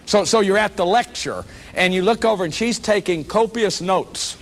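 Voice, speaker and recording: A man's voice: sits high, normal speed. A man giving a public lecture as a workshop leader, earnest and emphatic, often repeating words as he restarts.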